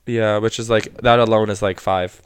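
A man's voice: on the low side, fairly even intonation, moderate pace, clear, resonant tone, no room sound. A man from Florida talking casually on a podcast, recorded close and dry with little room sound. He teases his co-host good-naturedly. He trails off into rambling, restarted sentences. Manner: rambling, hesitant, teasing. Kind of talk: casual chat.

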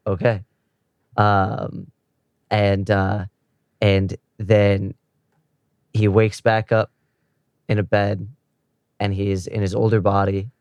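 A man's voice: fairly low pitch, little pitch movement, slow, pauses often, darkish tone, clear, resonant tone, dry recording, lo-fi sound. A man casually recapping the plot of a show's first episode, slipping now and then into the characters' quoted lines as he tells it.

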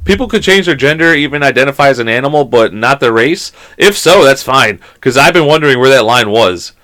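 Fast-talking man telling stories on a podcast. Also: medium pitch, lively intonation, a bit bright. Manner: swearing, storytelling, laughing. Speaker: podcast co-host. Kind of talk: casual chat.

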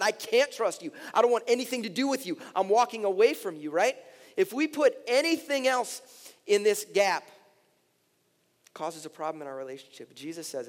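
A middle-aged male pastor preaching a sermon, earnest and impassioned, his voice climbing high when he pleads. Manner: impassioned, rising to near-shouted pleas in emotional passages. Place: large church hall. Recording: reverberant church hall with soft music.

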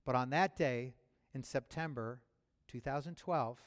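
A man preaching as a pastor, speaking in a personal, conversational way with restarts and chuckles, and building to loud fervor. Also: mid-range voice, measured pace. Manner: builds to loud, rising fervor near the end. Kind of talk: sermon. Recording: long hall reverb.

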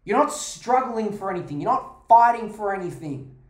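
A woman's voice: mid-range voice, expressive, normal speed, reverberant. A woman hosting a podcast, ranting in a heated, sarcastic way with plenty of swearing. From Australia. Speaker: podcast host.

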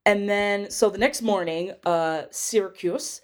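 A woman's voice: medium pitch, unhurried. A young woman hosting a podcast, recapping a film in a chatty, rambling way with lots of fillers and giggles. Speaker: podcast host. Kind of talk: casual movie recap chat.

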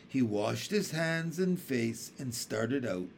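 Expressive man reading a children's book. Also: medium pitch, slow pace, vocal fry, hardly any pauses, slight background noise. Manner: expressive storytelling. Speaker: audiobook reader.

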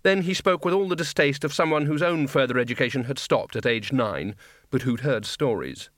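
A man reading a comic fantasy audiobook in a dry, measured storytelling manner. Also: mid-range voice, expressive, fairly bright tone, dry recording. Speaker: audiobook narrator. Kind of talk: scripted narration.

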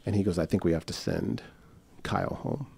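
Sitting low and fairly quick, this young American man's voice carries vocal fry and is a little mellow and slightly rough, with no echo. As a guest in casual conversation, he spins a rambling tale with lots of fillers and false starts, imitating the people he quotes.

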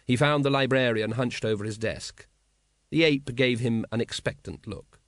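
A man's voice: mid-range voice, normal speed, fairly bright tone, no echo. A man reading an audiobook as narrator in a dry, wry storytelling manner. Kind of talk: scripted narration.

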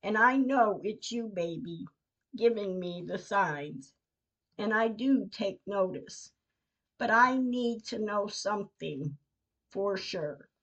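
A woman hosting a podcast, reading her personal diary entries aloud in a measured, emotional way. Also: mid-range voice, dull audio. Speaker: podcast host.

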